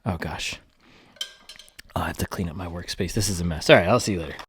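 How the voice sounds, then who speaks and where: A man's voice: sits low, fast, fairly bright tone, a little hiss or hum. A young man chatting casually in a vlog as a running shoe reviewer, playful and rambling with jokey slang.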